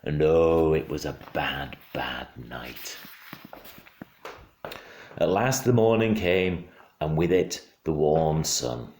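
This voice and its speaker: A father reading a storybook aloud at home, expressive and hushed in quiet moments. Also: a bass voice, takes it slowly, long pauses, a little hiss or hum. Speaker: father reading to his child. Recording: roomy home room.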